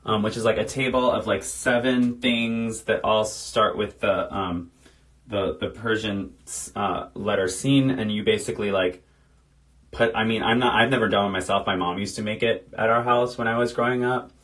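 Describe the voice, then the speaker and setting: A man's voice: fairly low pitch, steady tone, moderate pace, fairly bright tone. A man in his thirties chatting casually on a phone livestream, reading out viewer comments while doing his makeup. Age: 30s. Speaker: drag performer.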